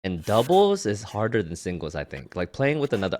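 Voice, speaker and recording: A man co-hosting a podcast in casual chat, animated and teasing, often repeating words. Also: fairly low pitch, fairly quick. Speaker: podcast co-host.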